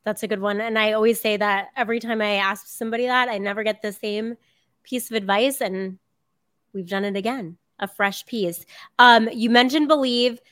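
A woman's voice: medium pitch, steady tone, normal speed, a bit bright, no room sound. Bubbly woman podcast host, kinda rambly, dry close mic. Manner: chatty, bubbly, says "um" and "like" often. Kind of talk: casual interview chat.

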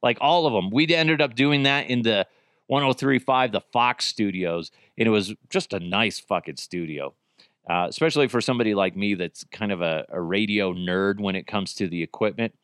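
A man's voice: on the low side, normal speed, fairly bright tone, clear, resonant tone, no echo, clean studio sound. A man hosting his own podcast in casual solo chat, crude and joking, often poking fun at himself. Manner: crude, joking, self-mocking. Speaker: podcast host.

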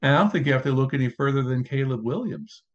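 A man's voice: medium pitch, fast. A man hosting a casual sports talk show, building his argument point by point. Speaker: podcast host. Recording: dull lo-fi sound.

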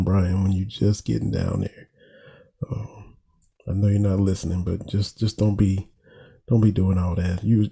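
A man's voice: lowish voice, vocal fry, husky. A man from Eastern Kentucky with a country accent, giving casual, folksy sports commentary as a talk host. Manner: folksy, animated, laughs at his own jokes.

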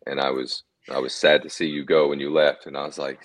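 A man, a former ballplayer, telling relaxed anecdotes as a guest in a casual interview, often chuckling. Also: a bass voice, brisk. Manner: laid-back, chuckling anecdotes.

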